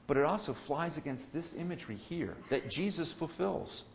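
A man preaching an expository sermon, moving from soft, thoughtful explanation to loud, ringing proclamation. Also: a little high, animated, normal speed, creaky, dull audio, noisy background. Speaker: pastor.

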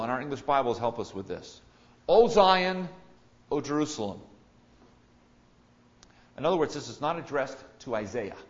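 A man preaching a sermon in a mid-pitched voice, explaining a text and then building to bold proclamation. He drops to soft, musing tones, then rises to loud, ringing emphasis. The recording is slightly dull and lo-fi. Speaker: pastor. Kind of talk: expository sermon.

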